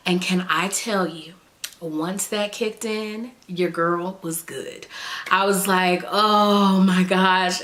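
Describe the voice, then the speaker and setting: Chatty young woman telling a story. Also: on the low side. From Chicago. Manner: chatty, animated retelling with quoted dialogue. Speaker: vlogger. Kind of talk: personal storytime vlog.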